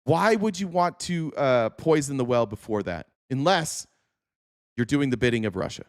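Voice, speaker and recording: Sarcastic, profane podcast host ranting. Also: male voice, mid-range voice, expressive, moderate pace. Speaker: podcast host reading chat comments. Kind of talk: casual political talk.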